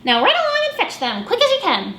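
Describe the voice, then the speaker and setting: A gushing, bossy aunt from a picture book, put on by a woman reading aloud, who gives orders. Her voice shoots up very high and bright. It rings in an echoey room. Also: wildly swooping pitch, fast talker, a little hiss or hum, heavily acted.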